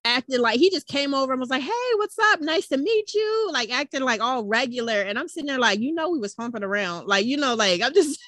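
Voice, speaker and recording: A woman's voice: on the high side, fast talker, hardly any pauses, fairly bright tone, no room sound. A woman co-hosting a podcast, telling a story in a chatty, conversational way. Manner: chatty, laughs along, conversational. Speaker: podcast co-host. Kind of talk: casual storytelling chat.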